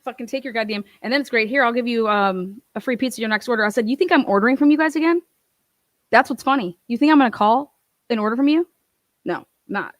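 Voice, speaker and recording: A woman's voice: on the high side, fast, dry recording. A young woman telling a heated, profane storytime rant, full of swearing and laughs. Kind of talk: ranting storytime.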